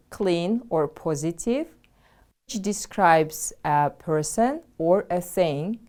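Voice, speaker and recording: A woman teacher from Kyrgyzstan with a Kyrgyz accent, giving a deliberate English vocabulary lesson and having pupils repeat words after her. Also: mid-range voice, a little mellow. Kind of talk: slow, clear classroom instruction.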